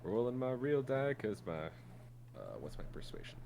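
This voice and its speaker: A man's voice: medium pitch, huge pitch swings, unhurried, creaky, darkish tone, slight background noise. A man playing a tabletop game, chatting casually and rambling with fillers. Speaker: player.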